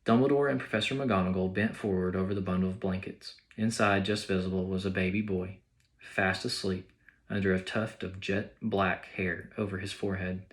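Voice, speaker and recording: A man, a teacher, reading a children's novel aloud in a plain steady way with small slips. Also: deep voice, moderate pace. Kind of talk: audiobook-style read-aloud.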